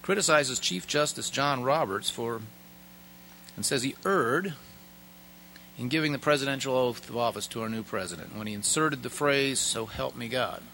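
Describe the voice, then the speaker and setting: A man giving a formal speech at a prayer breakfast, speaking in a measured and emphatic way with pauses. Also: mid-range voice, bright, forceful tone, a little hiss or hum, low-quality recording. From United States.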